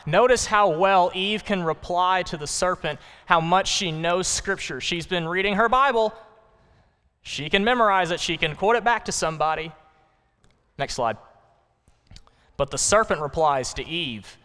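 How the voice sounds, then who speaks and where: In a church sanctuary, a male pastor delivers a sermon to his congregation in a conversational, emphatic style packed with rhetorical questions. His smooth, resonant voice is a bit high for a man, bright and forceful, at a measured pace. A long reverb lingers in the large room.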